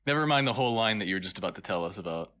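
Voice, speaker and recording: A man co-hosting a comedy podcast, playing along with dry, deadpan asides. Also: on the low side. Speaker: podcast co-host. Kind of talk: comedic in-character podcast chat.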